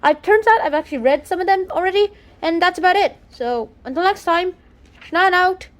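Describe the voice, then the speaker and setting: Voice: very high voice, moderate pace, slight background noise. A young host reading a study guide aloud in a casual lesson, stumbling over words and restarting often. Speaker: channel host.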